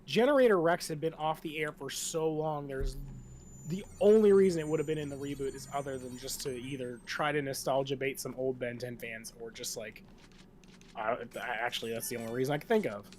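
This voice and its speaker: A man chatting casually on his game stream, his voice sitting at an ordinary middle pitch. He rambles from one tangent to the next and swears without a second thought. A faint hiss of noise sits under his voice. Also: fairly even intonation, brisk, a little mellow.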